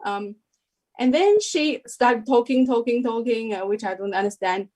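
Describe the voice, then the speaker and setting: A woman giving a personal testimony as an interview guest, telling her story in halting, unhurried phrases. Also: fairly high pitch, a little mellow. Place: lives in New Zealand.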